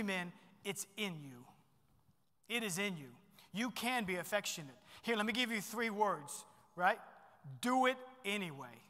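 A middle-aged pastor preaching a sermon in a church, animated and swinging between loud bursts and hushed asides. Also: male voice, high voice, in a large hall.

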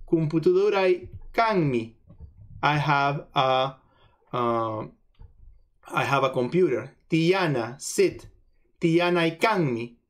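Man giving a patient language lesson. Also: on the high side. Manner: patient, repeats each phrase with a translation; pauses to search for words, many fillers. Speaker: language lecturer.

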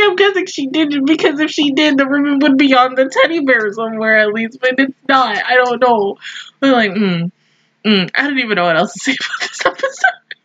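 High bright-voiced young woman, giggly. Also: fairly quick. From Southern United States. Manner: animated, giggly storytelling, breaks into laughter. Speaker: anime reaction host. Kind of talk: casual review chat. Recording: dull lo-fi mic sound.

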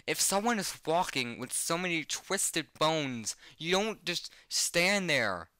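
A man's voice: fairly high pitch, big pitch swings, slow, sharp tone, no room sound, clean studio sound. Jumpy, foul-mouthed man reacting to horror. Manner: swears constantly, bursts into startled yelps. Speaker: webcomic reactor. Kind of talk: horror comic reaction, read aloud. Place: on his bed at home.

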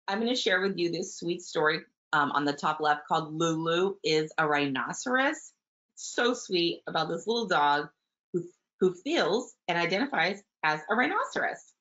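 A woman teaching early childhood, talking warmly about picture books and reading them aloud. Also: lowish voice, expressive, normal speed. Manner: warm, gentle, enthusiastic teacher, with soft fillers. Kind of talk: webinar talk with book read-alouds. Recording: muffled webinar audio.

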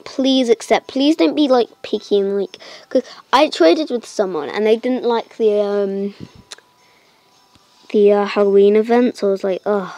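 A channel host comments casually on her game in a medium-pitched voice, recorded dry with faint music behind. Her excitement shows in delighted squeals, and she fills gaps with hesitant ums.

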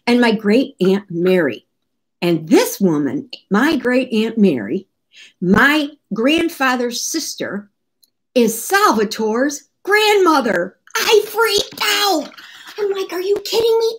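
An American woman, a cookbook author, tells a story straight to the camera. She talks in a lively, chatty way full of exclamations, with a fairly high voice. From United States.

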